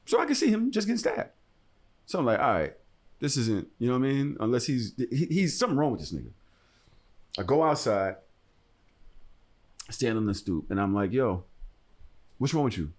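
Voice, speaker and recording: A young man tells a story on his podcast in loose, profane chat. His voice is of middling pitch but swings widely as he acts out the lines of the people he talks about. He shifts between low, hushed asides and loud, heated bursts. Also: a little fast, long pauses. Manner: animated, profane, swings into loud acted-out quotes. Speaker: podcast host.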